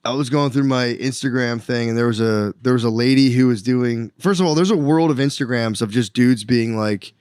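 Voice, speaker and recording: A man in a loose, profane podcast chat who tells stories with energy and slips into other people's voices. His pitch sits in the middle of the male range. The sound is dry and close. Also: a little fast, hardly any pauses, smooth, dry recording. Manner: animated storyteller, profane, acts out other people's lines. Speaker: podcast co-host. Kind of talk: casual chat.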